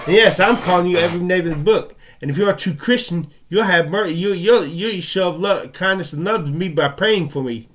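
A man from the United States delivers a furious, profanity-laced rant, his voice sitting a bit higher than most men's. He stumbles and restarts as the anger outruns his words. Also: a little fast, hardly any pauses, a bit bright. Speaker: vlogger. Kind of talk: angry ranting monologue.

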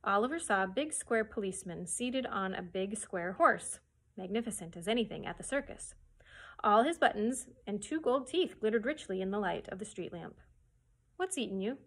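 A woman children's librarian reading a chapter book aloud with expressive storytelling. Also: mid-range voice, moderate pace.

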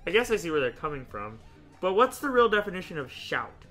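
A young man hosting a casual gaming video, chatting and thinking out loud, often laughing as he rambles through choices. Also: sits high, sing-song, fairly quick, faint music behind. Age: young adult. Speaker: YouTube host playing a choice game.

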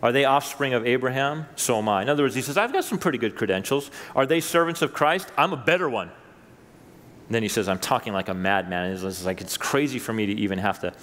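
A man, a pastor, preaching a sermon with lively rises when he reads scripture and chatty asides to his listeners. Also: mid-range voice, fairly quick, in a large hall. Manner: animated preaching, voice rising for quoted scripture; conversational asides to the congregation. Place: church sanctuary.

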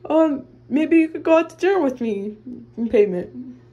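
A woman's voice: high voice, lively intonation, moderate pace, dark tone, highs cut off. A woman voicing a nervous young man who stammers and keeps apologizing.

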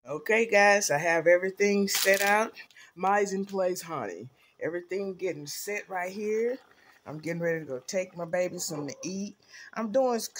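A woman's voice: medium pitch, slight background noise. Folksy Southern woman vlogging. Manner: folksy, says honey and I bet you often. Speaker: vlogger cooking for the homeless. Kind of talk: casual vlog to camera. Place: outdoors in a park.

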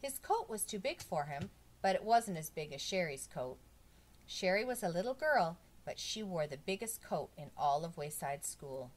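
Woman audiobook reader, children's storybook, animated and expressive narration. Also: on the low side, moderate pace. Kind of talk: storybook read-aloud.

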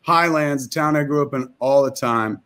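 A man's voice: medium pitch, normal speed, fairly bright tone. A man telling a rambling, profane comic story over a video call.

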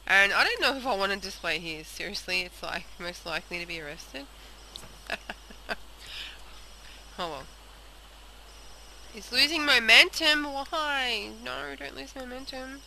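A woman's voice: medium pitch, lively intonation, measured pace, vocal fry, long pauses, sharp tone. A young woman casually commenting on a video game, chatting aloud and talking to the characters. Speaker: let's play host. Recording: noisy home recording.

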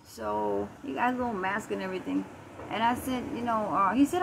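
A woman's voice: mid-range voice, a little fast, gravelly, background noise. A woman vlogging on a night walk through her neighborhood, casually and animatedly retelling a story with lots of quoted back-and-forth. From Puerto Rico. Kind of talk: casual storytelling while walking. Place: outdoors in a quiet neighborhood at night.

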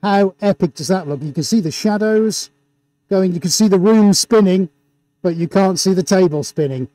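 Man, live art stream host, mellow tone, excitable showman, muffled by face mask, indoor studio. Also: high voice, moderate pace, no echo. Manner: hyped, showman-like, reading out viewer shout-outs. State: talking through a face mask. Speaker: livestream host and painter.

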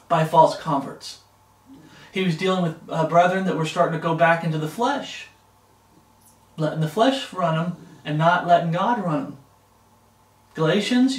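A man's voice: sits high, roomy sound, far from the mic. A man preaching a Bible study sermon, emphatic and repetitive, often checking in with "okay?". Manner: emphatic, repeats words, frequent "okay?".

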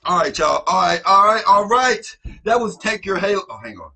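A man with a high, bright voice hosts a music reaction, his talk swinging widely in pitch as he exclaims and chats over the track. A song plays faintly behind him. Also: very animated, moderate pace, vocal fry. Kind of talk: casual reaction commentary. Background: song playing faintly.

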